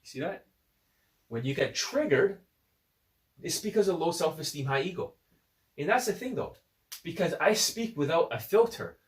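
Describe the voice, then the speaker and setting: A man's voice: fairly high pitch, lively intonation, normal speed, pauses often, reverberant, distant mic. A man giving a blunt, profane, combative unscripted rant to camera as a dating coach, recorded on his phone.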